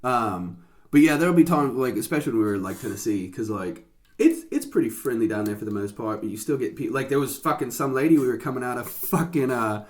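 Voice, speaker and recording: On a podcast, a man chats casually in a medium-pitched voice with lively intonation and a quick pace. He rambles through stories packed with swearing.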